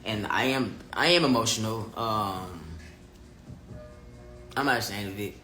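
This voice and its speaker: A man chats live with his audience, open and blunt, swearing freely and hitting his points hard. His voice is bright and pushes forward. The room is echoey, with faint music running underneath. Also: lowish voice, unhurried. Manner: candid, profane, animated and emphatic. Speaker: vlogger talking live to viewers. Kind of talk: casual livestream chat, reading comments.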